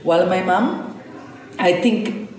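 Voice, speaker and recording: Woman chef, low voice, chatty storyteller; roomy echo, mic a bit distant. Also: takes it slowly. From Slovenia. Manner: animated storytelling, frequent fillers. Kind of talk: conversational interview.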